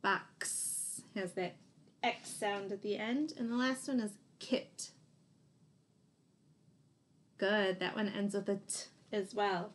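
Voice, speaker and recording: Slow, encouraging woman teaching phonics. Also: medium pitch, fairly even intonation. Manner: slow, encouraging, sounding out letters. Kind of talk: phonics lesson for young children.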